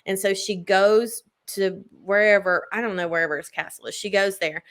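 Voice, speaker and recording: A woman's voice: mid-range voice, normal speed, fairly bright tone. A woman in casual chat, gushing as she retells a book's plot with lots of filler words. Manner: gushing book recap full of "like" fillers.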